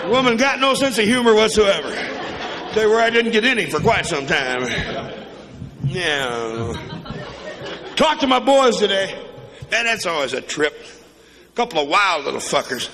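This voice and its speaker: A man's voice: sits high, expressive, normal speed, long pauses. A man doing a crude, profane stand-up comedy set, telling stories and acting out quoted voices on a club stage. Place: comedy club stage before a live audience. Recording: live club recording with crowd and reverb.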